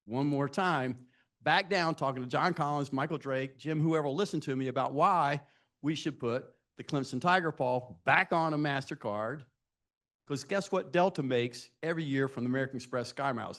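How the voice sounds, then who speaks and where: With a medium pitch and a fairly bright tone, this man in his sixties talks a bit fast. He tells students at a live event self-deprecating stories about his career and asks them direct questions along the way.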